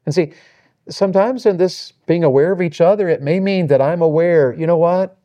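A middle-aged male preacher with a slightly higher voice tells a marriage story. His delivery is folksy and animated, and it rises and falls with the tale. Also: normal speed, muffled recording.

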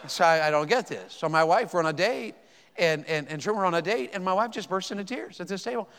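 An animated man in his 50s preaches briskly in a high-sitting, slightly bright voice, with a little hiss or hum in the audio. He is a pastor delivering a sermon in a church sanctuary, urging the congregation emphatically and stammering through repeats. The hall is echoey.

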